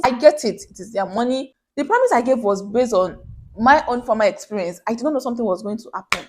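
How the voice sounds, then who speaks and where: Animated young Nigerian woman telling a story. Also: fairly high pitch, quick pace. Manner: animated storyteller who acts out quoted voices. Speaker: small business owner. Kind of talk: storytelling vlog.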